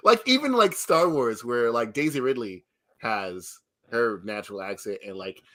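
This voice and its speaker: Lively bright-voiced man joking about movies. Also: mid-range voice, moderate pace. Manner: joking, laughs often. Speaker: podcast co-host. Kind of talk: casual movie chat.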